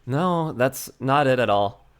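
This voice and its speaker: A man voicing a dry, weary young male lawyer in a game, speaking in a deadpan, flat manner. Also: medium pitch, takes it slowly, smooth. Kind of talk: reading game dialogue aloud.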